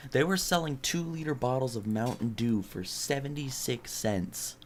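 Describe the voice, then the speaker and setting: A man's voice: medium pitch, expressive, normal speed, a little hiss or hum. A young man cracking dry, offhand jokes on a casual home podcast. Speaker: podcast co-host. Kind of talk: casual chat. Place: home desk.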